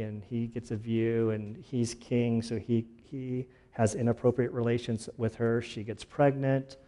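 A man preaching a casual, conversational sermon, relaxed and chatty, often saying "like" and restarting phrases. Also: mid-range voice. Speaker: pastor.

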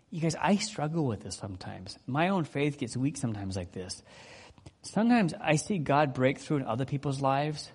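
A man's voice: medium pitch, breathy edge. A man preaching a casual, conversational sermon, acting out the people in the story as he goes. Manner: conversational, animated, acts out quotes. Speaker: pastor.

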